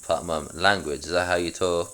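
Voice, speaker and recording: A man's voice: low voice, steady tone, moderate pace, pushed and bright. A man reading a prim, indignant mother. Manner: scolding, read plainly from a script.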